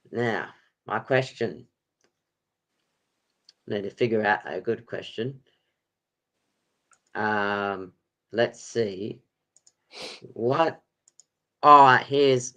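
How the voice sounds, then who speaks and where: Running a sports quiz on a podcast, a man chats casually, filling it with ums and laughter as he rambles. He speaks at medium pitch with a fairly bright tone.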